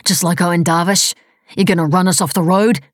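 A woman's voice: steady tone, brisk, no room sound, clean studio sound, lightly acted. A woman voicing an injured, furious young man who swears and hurls threats in a thriller audiobook. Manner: shouting threats, pitch pushed up.

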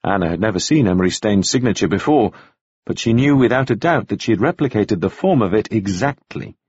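A male narrator reads a novel in a measured, expressive way. His voice is husky, with a lively pitch. The recording is dry and sounds a little dull. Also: dry recording. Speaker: audiobook narrator. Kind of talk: scripted narration.

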